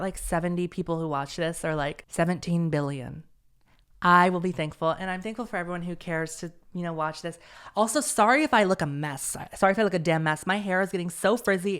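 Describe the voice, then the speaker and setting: Young male podcast host, smooth clear voice, rambling and self-deprecating. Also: high-pitched, a bit bright. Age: young adult. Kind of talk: casual solo podcast chat.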